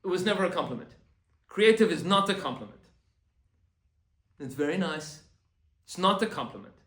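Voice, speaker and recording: A man, a rabbi, giving an animated Torah class and acting out quoted complaints. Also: high voice, fast, reverberant.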